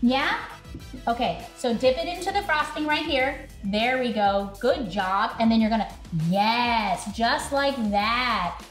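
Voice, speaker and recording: A woman with a slightly high voice hosts a casual cooking tutorial from her home kitchen. She chats directly to her viewers and laughs easily. Faint music plays underneath. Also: expressive, unhurried. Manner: chatty, talks straight to viewers, laughs often. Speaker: host.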